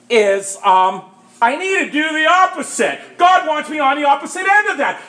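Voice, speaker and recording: A man with a very high, bright voice gives an emphatic testimony to a group. He keeps asking "Right?" and turns louder at points. The sound is roomy and echoey. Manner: emphatic, asks "Right?" often, bursts louder at times. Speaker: speaker sharing his recovery story.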